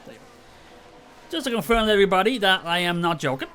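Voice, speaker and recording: A man's voice: sits high, lively intonation, quick pace, bright, forceful tone, slight background noise. A tired Northern Irish man chatting casually on a late-night live stream, rambling and self-mocking with frequent chuckles. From Northern Ireland.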